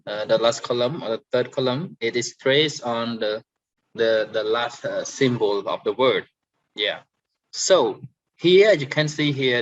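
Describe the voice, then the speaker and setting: A man with a Cambodian accent teaching an English lesson, hesitant with many fillers, saying sample words louder to show stress. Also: medium pitch, dull audio. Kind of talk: online grammar and pronunciation lesson.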